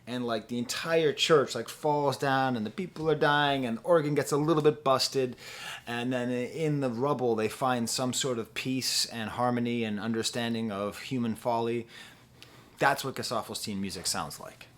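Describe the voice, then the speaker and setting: A man's voice: mid-range voice, moderate pace, a bit bright. A young man reviewing music in a casual, rambling and playful way, often saying "like" and singing short bits of songs. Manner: rambling and playful, with lots of "like" and sung snippets.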